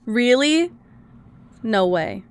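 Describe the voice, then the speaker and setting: A woman's voice: on the high side, expressive, extremely slow, clean tone. A woman streamer in casual chat, rambling and talkative, often swearing and laughing as she goes.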